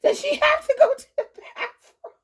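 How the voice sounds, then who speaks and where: A man's voice: very high-pitched, normal speed, a bit bright, pitched above the performer's own voice. A woman voicing a polite, matter-of-fact male martial-arts teacher.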